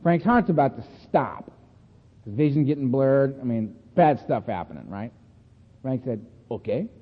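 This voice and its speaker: A man sharing stories as a speaker at a recovery meeting, animated and chatty, often laughing and tagging his lines with "man" and "right?". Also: medium pitch, moderate pace, husky. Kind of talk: storytelling talk. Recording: echoey hall over a tinny phone-like line.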